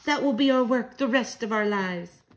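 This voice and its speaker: A woman's voice: on the high side, moderate pace, voice pushed up, lightly acted. A woman reading aloud, voicing a spirited old grandmother who speaks emphatically and commandingly. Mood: fervent. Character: fierce, spirited old grandmother witch-hunter.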